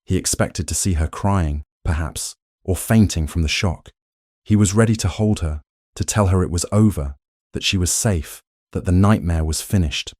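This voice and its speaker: A male narrator with a deep, low voice reads a romance story in a measured, dramatic way. The sound is dry and close to the mic. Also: a little mellow, dry recording. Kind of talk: scripted romance audiobook narration.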